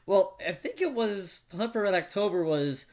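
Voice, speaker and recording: A man's voice: high voice, sing-song, moderate pace, a little mellow. Laughing, chatty young-sounding man. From United States. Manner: laughs often, talks in restarts with lots of "like". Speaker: podcast co-host reading movie facts. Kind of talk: casual chat.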